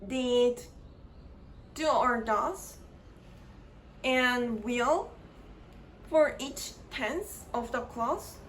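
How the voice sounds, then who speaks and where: A high-pitched woman gives a grammar lesson at a very slow, measured pace. She halts often and repeats words while she works out her phrasing. A faint background noise sits under the voice. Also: expressive, rough recording. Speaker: grammar lecturer. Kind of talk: slow deliberate explanatory lecture.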